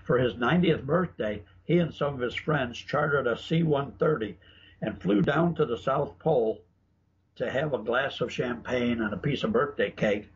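A man's voice: mid-range voice, normal speed. A man being interviewed, telling stories in a chatty, anecdotal way, with frequent restarts. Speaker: guest author and researcher. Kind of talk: casual interview talk, storytelling. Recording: dull lo-fi broadcast audio with faint noise.

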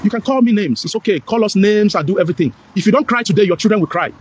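Middle-aged Nigerian man, Pidgin-flavoured, high and fast, preachy and repetitive political rant. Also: lively intonation, slightly rough. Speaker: political commentator. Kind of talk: impassioned monologue.

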